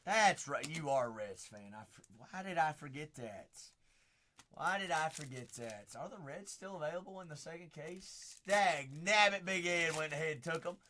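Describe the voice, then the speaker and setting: A man hosting a live card break, calling out players and teams as he opens packs, chatting with viewers by name and shouting on big pulls. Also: fairly high pitch, lively intonation, normal speed, a little hiss or hum. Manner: chats with viewers by name between cards.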